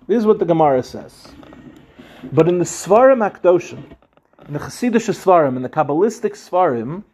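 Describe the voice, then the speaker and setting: High-voiced rabbi giving a Talmud class. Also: male voice, warm tone, slight background noise. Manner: translates and explains each phrase, slows down on Aramaic quotes; asks questions and answers them himself. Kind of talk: Talmud lecture.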